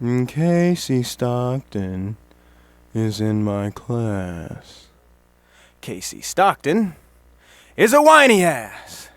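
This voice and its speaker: A man performing a spoken word poem with intense emphasis, building from low murmurs to shouting. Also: wildly swooping pitch, drawn-out words, long pauses, no echo. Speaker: slam poet.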